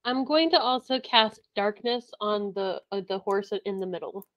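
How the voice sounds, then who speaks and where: A woman playing in a tabletop game, excitable and quick to laugh. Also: mid-range voice. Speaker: player.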